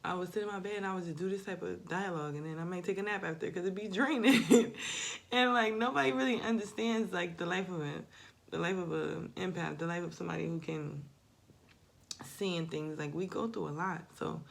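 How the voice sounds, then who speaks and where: A woman's voice: fairly low pitch, a little fast, creaky. A woman, talking through a casual, rambling confessional monologue, swearing freely. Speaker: spiritual vlogger.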